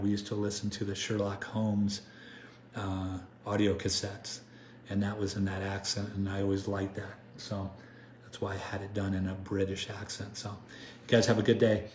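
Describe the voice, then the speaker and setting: A man hosting a motivational podcast, talking informally and encouragingly, often repeating and restarting his phrases. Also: lowish voice. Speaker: podcast host. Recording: echoey room with faint ambient noise.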